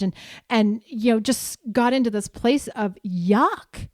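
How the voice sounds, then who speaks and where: A middle-aged woman co-hosting a talk podcast, telling personal stories in a candid, animated way. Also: a little high, moderate pace, no room sound, clean studio sound. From Southern California. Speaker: podcast co-host. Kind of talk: casual chat.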